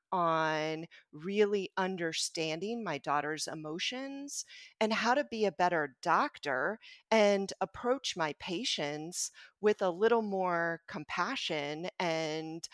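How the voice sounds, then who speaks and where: A woman's voice: fairly low pitch, dry recording, studio quality. A middle-aged woman, a pediatrician guest on a podcast, telling a personal story in an earnest, reflective way. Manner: reflective, earnest, animated when quoting others. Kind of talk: conversational storytelling.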